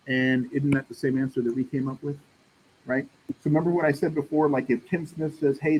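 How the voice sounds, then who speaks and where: This classroom lecture features a man teaching math in a relaxed, talkative way, calling students "y'all" and often asking "right?" to check in. His medium-pitched voice has a warm tone. The recording is low quality, with a little hiss or hum.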